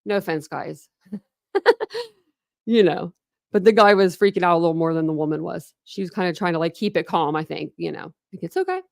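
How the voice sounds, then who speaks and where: A woman's voice: lowish voice, fairly even intonation, moderate pace, vocal fry, no room sound, studio quality. A woman hosting a true crime channel, chatting casually with viewers on a livestream, rambling with lots of "like" and answering comments as she goes. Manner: rambling, heavy use of "like".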